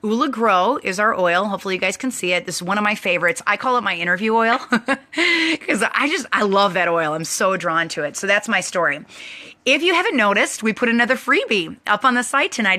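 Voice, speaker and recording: Woman host, bubbly storyteller, bright ringing voice, chatty and animated. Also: medium pitch, brisk. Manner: bubbly, chatty, many likes and restarts. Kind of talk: storytelling to an online audience.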